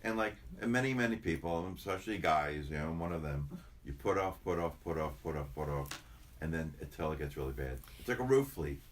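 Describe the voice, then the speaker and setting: A man's voice: a bass voice, lively intonation, fairly quick, a little hiss or hum. An older man, a chiropractor, chatting casually in an interview, rambling and repeating himself as he tells stories. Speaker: chiropractor guest.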